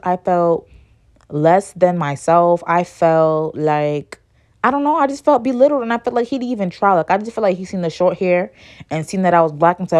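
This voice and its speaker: A young woman, telling a story from her school days in a casual, indignant way, her voice jumping high when she gets worked up. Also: a little mellow.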